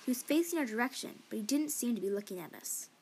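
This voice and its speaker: A woman reading a novel aloud in first person, expressive and sometimes dropping to a whisper. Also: a little high, quick pace, a little hiss or hum. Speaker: audiobook reader. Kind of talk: fan audiobook narration.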